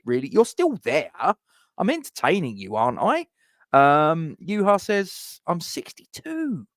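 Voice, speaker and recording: Chatty London man with a lively voice. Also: medium pitch, no room sound, studio quality. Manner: chatty, teasing, laughs while talking. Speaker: host of a live fan show. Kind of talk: casual live-stream chat reading viewer comments.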